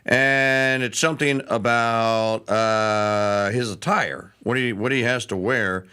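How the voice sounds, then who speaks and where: A man's voice: mid-range voice, steady tone, slow pace, bright, forceful tone, clear, resonant tone. A man hosting a live talk radio show, chatting in a rambling, self-correcting way.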